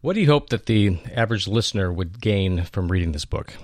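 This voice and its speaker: Guy hosting a faith interview, lowish voice, dry close sound. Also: animated, fairly quick, darkish tone, no echo. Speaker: podcast host.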